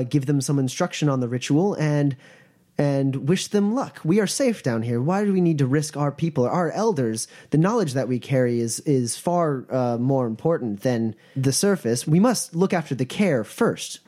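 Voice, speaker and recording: A man's voice: fairly high pitch, dark tone. Man doing a cyber-eyed woman of about thirty, calculating, persuasive, slightly raised voice, tabletop game role.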